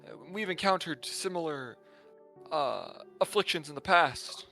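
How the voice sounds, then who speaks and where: A man playing his character in a tabletop game, speaking in a measured, polite and slightly formal way. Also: a little high, expressive, vocal fry, bright, forceful tone, soft background music. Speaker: player. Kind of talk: in-character tabletop role-play.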